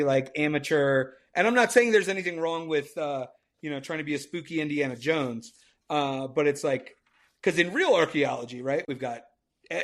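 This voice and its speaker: Joking, chatty man in casual talk. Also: on the high side. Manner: joking, chatty, quick with asides. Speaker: podcast guest. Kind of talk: casual chat.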